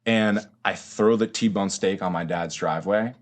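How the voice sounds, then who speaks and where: A man's voice: low-pitched, a little slow. A man in his twenties, a podcast guest, telling his story in casual slang, swearing and saying bro often. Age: 20s. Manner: slangy and profane, says bro a lot.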